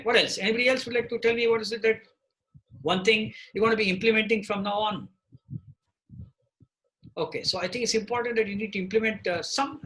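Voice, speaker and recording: Bright, high-voiced man teaching online. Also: poor audio. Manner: repeats "okay?" to check in with participants. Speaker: presentation trainer. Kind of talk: live online training session. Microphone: computer mic on a video call.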